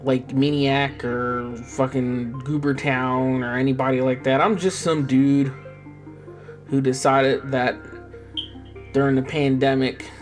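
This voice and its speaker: A man's voice: mid-range voice, little pitch movement, slow, soft background music. A young man who paints miniatures, chatting casually and rambling with jokes and swearing, often trailing off.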